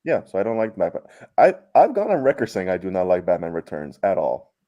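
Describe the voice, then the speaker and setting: Blunt opinionated man, lively voice. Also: low-pitched, fairly quick, lo-fi sound. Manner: blunt, opinionated, swears casually. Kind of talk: casual chat.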